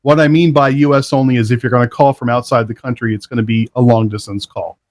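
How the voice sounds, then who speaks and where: A man's voice: mid-range voice, steady tone, fast talker. A middle-aged man hosting a live internet talk show in a casual, upbeat, chatty way. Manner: upbeat, chatty, laughs often. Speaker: show host.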